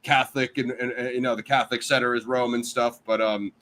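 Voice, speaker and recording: A man's voice: mid-range voice, level tone, fast talker, fairly bright tone. Rambling American man on a panel. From United States. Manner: rambling, heavy on "you know" and "I mean". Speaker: panel guest. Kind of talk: casual panel discussion.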